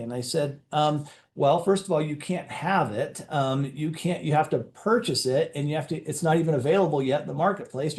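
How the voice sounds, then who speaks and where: Enthusiastic man giving a sales talk. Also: a little high. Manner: enthusiastic storytelling with acted-out dialogue. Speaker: company executive addressing sales leaders. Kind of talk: motivational presentation.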